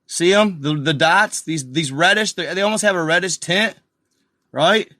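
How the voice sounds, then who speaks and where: A man hosting a casual video, excitedly talking viewers through an old map and repeating himself as he points things out. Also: high-pitched, moderate pace, dry recording, clean studio sound. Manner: excited, repetitive, addresses viewers as guys and y'all. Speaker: video host. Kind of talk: casual commentary over a map.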